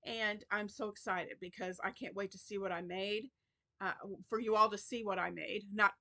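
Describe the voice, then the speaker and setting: A woman's voice: mid-range voice, steady tone, moderate pace, bright, forceful tone. A woman hosting a crochet channel in a casual vlog, chatty and rambling with many restarts, tired and yawning.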